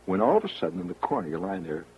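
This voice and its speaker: A man's voice: low voice, sing-song, rapid-fire, darkish tone, slight background noise, rough recording. A man hosting a radio show, spinning a rambling, wry monologue straight to the listener. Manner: rambling storyteller, confiding, wry. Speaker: radio host.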